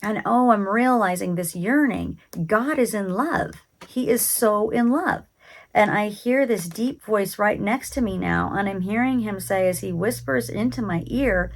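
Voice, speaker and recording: Hushed reverent woman with gravelly fry. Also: mid-range voice, unhurried. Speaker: speaker recounting a spiritual vision. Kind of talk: present-tense vision narration.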